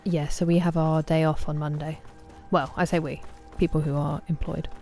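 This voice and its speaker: English woman chatting with her stream, lowish mellow voice, soft music behind. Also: level tone, moderate pace. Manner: chatty and friendly, greets viewers by name, drops into whispers. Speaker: game streamer. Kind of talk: casual live-stream chat with viewers.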